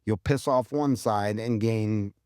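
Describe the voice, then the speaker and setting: A man's voice: fairly low pitch, slow, a little mellow, smooth, dry recording, clean studio sound. A man co-hosting a casual marketing podcast, laying out tips in a blunt, emphatic way and swearing freely. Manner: blunt, profane, emphatic, lays out numbered tips. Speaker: podcast co-host.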